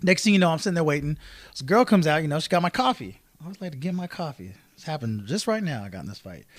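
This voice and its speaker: A man co-hosts a casual podcast, telling stories animatedly and playing out every voice in the exchange. His voice sits fairly high and swings widely in pitch. The recording is dry and close. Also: no room sound. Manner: animated storyteller, acts out both sides of an argument. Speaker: podcast co-host. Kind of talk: casual chat, storytelling.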